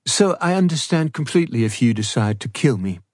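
Man voicing a weary young woman, sardonic, husky, plain storybook delivery, dry close sound. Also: medium pitch, sing-song, a little fast, dry recording.

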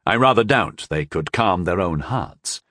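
A man's voice: sits low, expressive, unhurried, pushed and bright, dry recording. A man narrating a first-person fantasy audiobook in a dry, wry storytelling manner.

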